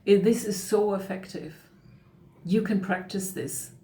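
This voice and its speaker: A middle-aged woman speaking as a coach in a calm, reflective way, sometimes acting out the thoughts in someone's head. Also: mid-range voice, a little slow. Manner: calm, reflective, acts out inner voices. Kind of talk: talk on emotional coaching. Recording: echoey room with faint noise.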